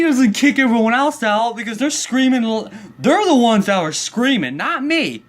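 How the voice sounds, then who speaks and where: A man's voice: extremely high pitch, big pitch swings, normal speed. A man telling a story in a comedic angry rant, profane and worked up, rambling along with restarts. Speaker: vlogger.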